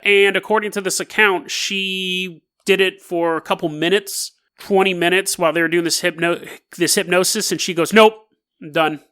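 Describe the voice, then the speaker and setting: A man hosting a podcast, telling a strange tale in a casual, animated way and laughing between lines. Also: high-pitched, moderate pace, hardly any pauses, clean tone. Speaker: podcast host. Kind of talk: casual storytelling.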